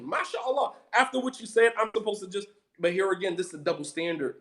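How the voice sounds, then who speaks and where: Fired-up preacher guy, high voice, keeps repeating himself to hit the point. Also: lively intonation, quick pace, fairly bright tone. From United States. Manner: heated, emphatic, repeats for emphasis. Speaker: Muslim preacher. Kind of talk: impassioned lecture.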